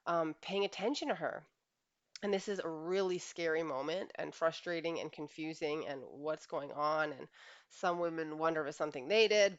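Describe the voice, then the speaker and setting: A woman's voice: fairly low pitch, no echo. A woman relationship coach giving a reflective monologue to camera in a conversational way, acting out what partners say to each other. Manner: conversational, acts out quoted partners in dialogue. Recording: dull, dry lo-fi sound.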